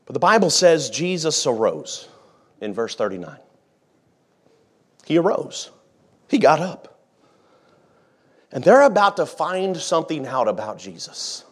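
A man preaching a sermon in a high, animated voice. He moves from quiet, chatty asides to the congregation to loud, dramatic retellings of the scene. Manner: dramatic, acts out the disciples' panic, swings from quiet to shouting; conversational, jokes with the congregation. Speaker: pastor.

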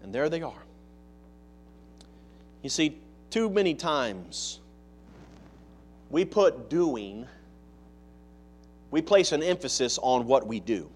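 A man preaching a sermon, talking conversationally and asking the congregation many rhetorical questions, turning loud for emphasis and then dropping to quiet asides. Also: mid-range voice, big pitch swings, slow, pauses often, slightly rough. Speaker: pastor.

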